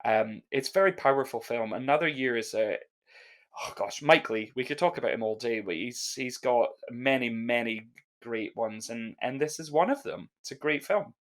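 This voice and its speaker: A man co-hosts a relaxed film podcast. He speaks earnestly and warmly in his praise, sometimes stopping to restart a thought. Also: mid-range voice, moderate pace. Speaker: podcast co-host. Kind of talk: casual film chat.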